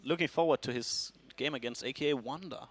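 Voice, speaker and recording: A man's voice: medium pitch, fairly quick, fairly bright tone. A man adds brief, casual comments to live esports coverage, leaning on "like" as filler. Faint music sits in the background. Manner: short, casual remarks with filler "like". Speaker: esports co-caster.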